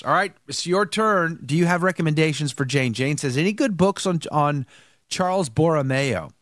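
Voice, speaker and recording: Man, nasal stuffy voice, fairly high, very lively pitch, chatty livestream host, dry close sound. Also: no room sound. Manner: chatty, greets viewers one by one, jokey. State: congested from allergies, tired. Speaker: host of a live news show. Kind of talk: casual live-stream chat.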